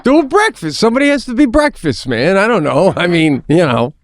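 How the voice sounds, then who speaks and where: A middle-aged podcast co-host talks briskly in a high-sitting voice during a casual chat, laughing often and animatedly acting out conversations. There's slight background noise.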